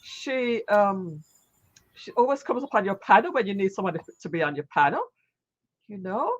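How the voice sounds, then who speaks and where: Woman hosting a live stream, lively pitch. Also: normal speed, lo-fi sound. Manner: warm, repetitive praise with frequent restarts and fillers. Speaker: host of a live online talk show. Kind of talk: casual live-stream chat.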